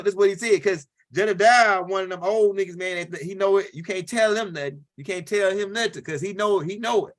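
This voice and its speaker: A high-pitched man from tells a loose, rambling stand-up story. He circles back, repeats lines and keeps asking "right?" as he talks. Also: a little fast, few pauses. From Louisiana. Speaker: comedian.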